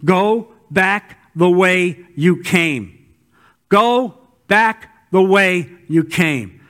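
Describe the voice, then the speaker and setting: Pastor guy preaching, high voice, loud urgent bits then hushed low ones. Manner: dynamic preaching, swinging between loud emphatic calls and quiet low asides. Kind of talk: sermon.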